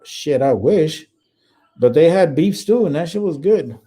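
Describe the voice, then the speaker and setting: A man's voice: fairly high pitch, animated, unhurried, warm tone. A middle-aged man hosting a casual chat, swearing a lot and telling rambling army stories to viewers he calls bro. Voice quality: heavy swearing, rambling with restarts. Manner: laid-back, talks to viewers as "bro". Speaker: livestream host reading viewer chat.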